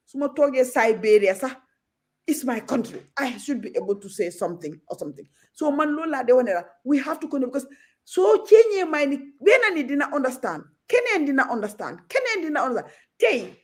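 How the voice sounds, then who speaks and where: A woman's voice: sits high, a little mellow. A Gambian woman talking as a guest on a talk show, outspoken and passionate, moving freely between Wolof and English.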